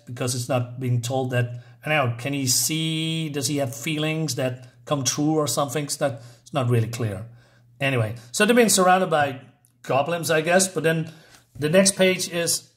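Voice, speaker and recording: A man with a somewhat high voice reads a comic aloud for his channel. He rambles and hesitates with lots of fillers. He sounds baffled and incredulous at what the story does. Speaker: channel host. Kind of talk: casual reading and reaction commentary.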